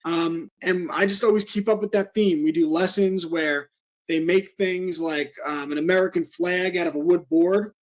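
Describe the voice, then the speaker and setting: High-voiced man explaining teaching methods. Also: steady tone, moderate pace. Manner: explanatory, with frequent "um" fillers. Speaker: guest, home school educator. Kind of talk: interview talk.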